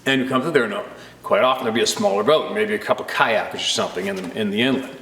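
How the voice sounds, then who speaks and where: A man casually telling a personal story with animated energy, laughing often and acting out the voices of the people in it. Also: on the low side, very fast, roomy sound, slight background noise. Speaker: storyteller recounting a personal encounter. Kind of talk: casual spoken anecdote.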